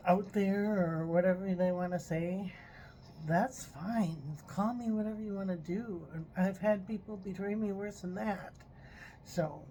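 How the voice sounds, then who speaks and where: A woman's voice: mid-range voice, warm tone, a little hiss or hum, poor audio. A woman talking in an earnest, frustrated personal vlog, doing a tarot reading and stopping now and then to apologize. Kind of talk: emotional personal vlog monologue.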